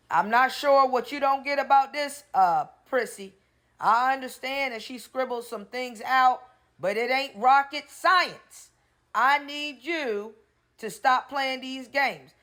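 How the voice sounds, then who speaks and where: A woman hosting a gossip commentary, blunt and sassy, laughing often as she reads posts aloud. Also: fairly high pitch. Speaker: gossip channel host.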